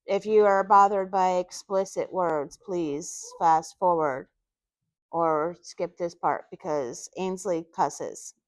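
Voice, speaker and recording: A woman's voice: on the low side, slow, no room sound. A woman reading her own novel aloud, stepping out of the story for chatty asides. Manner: chatty asides between passages.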